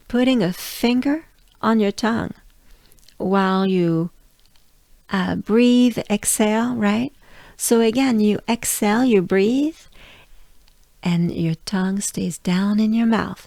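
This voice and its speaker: French woman, pronunciation teacher, unhurried and encouraging, dry room. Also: medium pitch, creaky, a little mellow, no echo. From France. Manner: patient, coaching, repeats sounds for practice. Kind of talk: pronunciation lesson.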